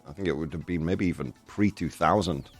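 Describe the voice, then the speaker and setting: A man's voice: low-pitched, brisk, slightly rough, soft background music. A middle-aged man hosting a show, chatting casually and self-deprecatingly, often restarting his sentences. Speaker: show host. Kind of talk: casual chat.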